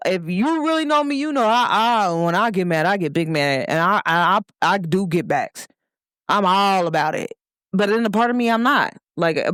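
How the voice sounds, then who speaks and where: A woman's voice: mid-range voice, fairly bright tone, dry recording, studio quality. A young woman hosting her own show, giving a casual motivational talk with emphasis and speaking straight to her listeners. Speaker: host.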